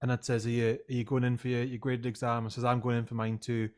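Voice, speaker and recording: A man's voice: mid-range voice, little pitch movement, quick pace. Self-mocking man telling stories. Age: 30s. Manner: self-mocking anecdotes, laughs often. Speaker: podcast host and music teacher. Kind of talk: casual chat.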